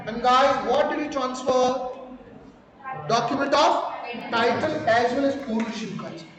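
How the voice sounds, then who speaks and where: A man's voice: very high-pitched, measured pace, a crowd in the background. A man with an Indian accent lecturing on law, slipping into Hindi phrases and quizzing his students again and again. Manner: mixes Hindi phrases, keeps quizzing the class. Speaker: law teacher. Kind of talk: classroom lecture. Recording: echoey hall with a class around him.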